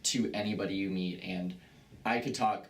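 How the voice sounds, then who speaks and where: A man's voice: deep voice, fairly even intonation, moderate pace. A young man in his twenties giving emotional farewell tributes at a banquet, rambling with lots of fillers and laughing at himself. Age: 20s. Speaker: student tour guide giving farewell tributes. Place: banquet room indoors.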